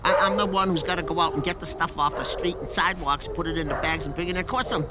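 A man playing an excitable, exasperated young male sidekick who stammers and gets flustered. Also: very fast, heavy background noise, natural voice. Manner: flustered, stammering, jumpy pitch. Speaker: co-host. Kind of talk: comedy sketch acting. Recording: tinny phone-like dry sound.

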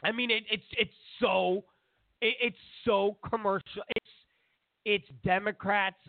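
A man rants through a talk-show monologue in a high, gravelly voice, sarcastic and wandering off on tangents. The sound is thin and phone-like, with no room around it. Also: steady tone, a little slow, no echo. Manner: ranting, sarcastic, digressive. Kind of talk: opinionated monologue. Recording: dry, phone-like narrow sound.

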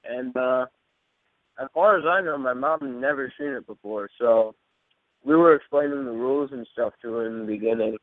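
A man's voice: medium pitch, moderate pace, no room sound. Easygoing young man on a phone line. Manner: easygoing, hesitant with ums. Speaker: guest. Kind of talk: casual radio interview. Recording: tinny phone-line audio.

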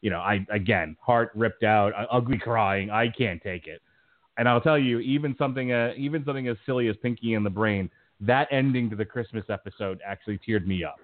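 Middle-aged man, podcast host, low voice, rambling chat, tinny phone-quality line. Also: a little fast. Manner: stumbling, rambling storyteller with many restarts. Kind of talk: casual chat.

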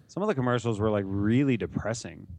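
A man's voice: lowish voice, lively intonation, fast talker, gravelly, a little mellow, no echo. A man co-hosting a podcast in casual chat, retelling things in a laid-back, blunt way. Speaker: podcast co-host.

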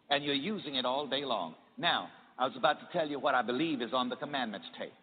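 A man's voice: medium pitch, lively intonation, brisk, few pauses, slightly rough. A man preaching a sermon, leading his congregation in call-and-response and repeating phrases for them to echo back. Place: church hall with a congregation. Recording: tinny archival sermon recording in a reverberant hall.

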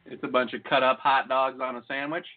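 A man's voice: medium pitch, little pitch movement, brisk. A man co-hosting a podcast, joking and rambling in casual banter. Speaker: podcast co-host. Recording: phone-like lo-fi audio.

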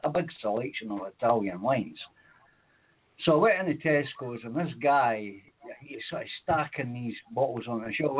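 A man's voice: medium pitch, breathy edge. Male caller, rambling storyteller, uh-filled, muffled phone-like sound. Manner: rambling, chuckling, frequent uh fillers. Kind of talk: casual call-in storytelling. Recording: tinny phone-like line.

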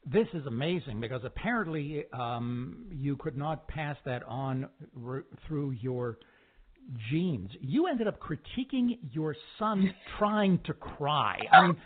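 A man's voice: on the high side, animated, slow. A man hosting a radio talk show, interviewing a guest in an enthusiastic, teasing way. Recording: tinny phone-like line.

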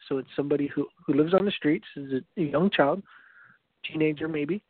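A high-voiced man preaches earnestly, telling a story and often restarting his phrases. The sound is dry and narrow, like it came over a phone line. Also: brisk, dry recording. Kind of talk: evangelistic teaching talk.

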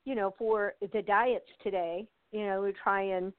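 An older American actress, appearing as an interview guest, chats casually over a tinny, dry phone line. Her mid-range voice has fairly even intonation and a normal speed, with no room sound, and she laughs often amid many fillers and restarts.

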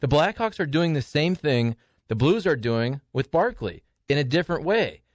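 A man co-hosting a sports talk radio show, pushing a theory in a lively way. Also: normal speed, no room sound. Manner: lively, pitches a conspiracy theory. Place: radio studio.

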